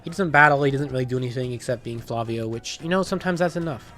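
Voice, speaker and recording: A man giving relaxed, joking commentary over a video game, with casual fillers. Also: mid-range voice, fast, faint music behind. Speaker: let's play host.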